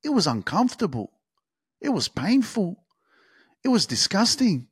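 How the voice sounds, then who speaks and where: A man's voice: sits high, very animated, unhurried, breathy edge, no room sound, studio quality. A man hosting a podcast, delivering a motivational monologue in an intense, swearing pep-talk style full of repetition and emphasis. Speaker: podcast host.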